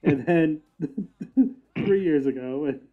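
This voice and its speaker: A man's voice: on the high side, takes it slowly. A man co-hosting a podcast, chatting casually about wrestling, thinking aloud with fillers and laughing often. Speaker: podcast co-host. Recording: tinny phone-like sound.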